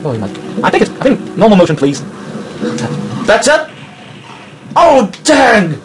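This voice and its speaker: A man giving live commentary while playing a shooter game, excitable and full of startled exclamations. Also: sits high, moderate pace, loud music behind the voice. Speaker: let's play gamer.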